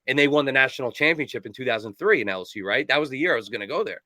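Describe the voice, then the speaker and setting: A man in his forties from New Jersey rattles off his stories at a quick clip, rambling and animated and full of fillers. His voice is bright and forceful, recorded close and dry. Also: medium pitch, dry recording. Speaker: kicking coach and guest. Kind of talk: casual storytelling in an interview.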